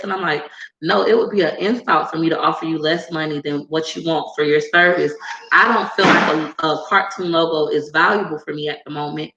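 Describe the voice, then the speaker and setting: Answering viewer comments on YouTube, a gravelly-voiced woman from the United States talks fairly quickly in a casual chat to camera. Animated and sassy, she breaks into high squeals to impersonate other people, while the muffled recording has plenty of reverb.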